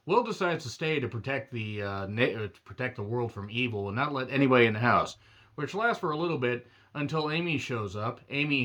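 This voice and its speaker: A man's voice: medium pitch, a bit bright. A man giving a casual, rambling movie review with wry asides and self-corrections, his throat a little strained. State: throat strained from doing a demon voice.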